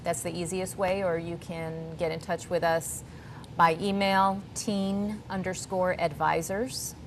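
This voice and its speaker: A woman's voice: on the low side, flat delivery, unhurried, slight background noise. A woman guest on a cooking show, speaking in an earnest, chatty way with some rambling. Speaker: guest from a youth charity. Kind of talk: TV talk-show interview.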